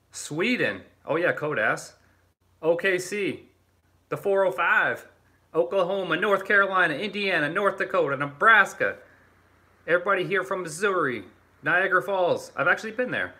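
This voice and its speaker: Casting note: young Canadian-raised guy hosting his own livestream, chatty and profane, slightly high voice. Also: bright, forceful tone. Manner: loose and joking, swears freely, laughs often. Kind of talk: casual livestream chat reading viewer comments.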